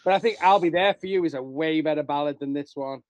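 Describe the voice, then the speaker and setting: Brief: man from England, a bit high-pitched, defensive and laughing, dry close sound. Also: fast, no echo, dull audio. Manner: defensive, laughing, restarts a lot. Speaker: podcast co-host. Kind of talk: casual chat.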